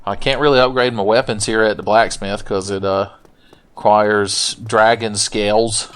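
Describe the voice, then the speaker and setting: A man's voice: on the low side, fairly even intonation, normal speed, a bit bright, clean tone. A man giving sarcastic, profane let's play commentary, taunting the enemies he fights. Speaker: gaming commentator. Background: faint game music.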